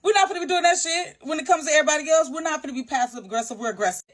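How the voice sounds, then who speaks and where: A woman's voice: high-pitched, racing, hardly any pauses. A woman telling a story in a casual, blunt, slangy rant as a social media creator.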